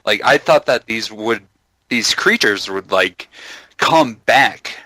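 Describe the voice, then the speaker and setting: A man chatting on a podcast, wondering aloud about a show in an animated, casual way. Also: on the low side, takes it slowly, no room sound, low-quality recording. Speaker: podcast co-host or guest. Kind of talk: casual chat.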